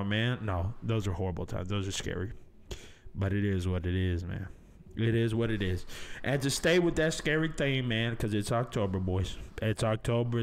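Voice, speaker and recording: A man hosting a podcast in casual chat, laid-back and swearing freely, calling people baby and man. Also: mid-range voice. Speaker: podcast host.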